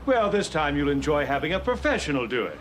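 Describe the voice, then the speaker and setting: A man's voice: fairly high pitch, sing-song, fast talker, very noisy. An actor playing a stiff, haughty male butler in a studio sitcom, speaking in a formal, dry and snooty way.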